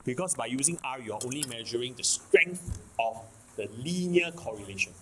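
A man's voice: mid-range voice, expressive, normal speed, pushed and bright, slight background noise, low-quality recording. A man with a Singaporean English accent giving a math lecture, repeating key points and checking in with the class often. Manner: repetitive, keeps checking in with "okay? can?". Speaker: math teacher.

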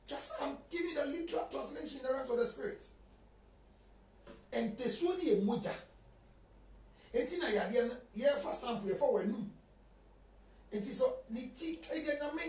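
A man talking in a lively mix of Twi and English as a guest in a casual chat. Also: very high-pitched, normal speed, long pauses, far from the mic. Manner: animated, switches between Twi and English. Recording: echoey room, voice from off-mic.

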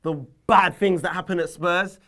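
A man co-hosting a football fan chat, who breaks into loud, theatrical mock outrage. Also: sits high, steady tone, normal speed. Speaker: fan channel co-host. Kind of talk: casual chat.

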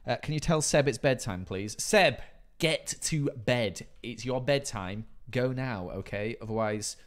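A man's voice: mid-range voice, moderate pace. Chatty man streaming live. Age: 30s. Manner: playful, chatty, reads chat aloud. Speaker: livestreamer. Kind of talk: casual live stream chat.

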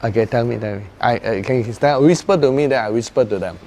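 A man's voice: mid-range voice, fast talker, creaky, background noise. A man preaching informally to a small prayer group, telling stories with frequent chuckles. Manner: chuckles often, lively storytelling. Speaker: preacher leading a prayer meeting.

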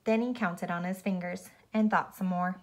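A woman reading a children's picture book aloud at home, as if to a child sitting beside her. Her storytime delivery is gentle and unhurried, with the odd slip and self-correction. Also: on the low side, fairly even intonation.

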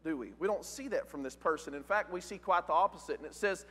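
Bright-voiced man preaching in a hall. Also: high voice, sing-song, fast, hardly any pauses. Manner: questioning, emphatic, reads scripture aloud. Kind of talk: sermon. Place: church sanctuary. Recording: church hall with long reverb.

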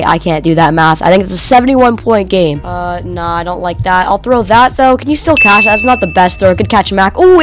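A gaming channel host with a medium-pitched voice gives excitable gameplay commentary in casual slang. She cheers and shouts at the plays, her voice slightly strained.

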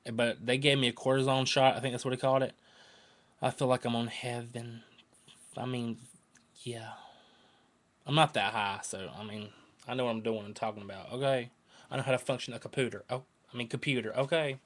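A man's voice: mid-range voice, fairly even intonation, brisk, long pauses. Rambling Southern man vlogging. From North Carolina, US. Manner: rambling, earnest, emotional, repeats himself. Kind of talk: casual rambling vlog to camera.

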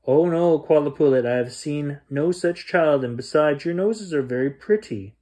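Brief: man doing a cheeky storybook girl, high, loud and taunting. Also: normal speed, lightly acted. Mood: fibbing. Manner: loud, taunting when yelling. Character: bold young girl who boasts and fibs.

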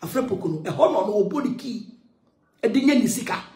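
A woman ranting loudly in a heated monologue, switching between English and Twi, with shouting and sing-song outbursts. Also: medium pitch, animated, fast, reverberant. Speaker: social media commentator.

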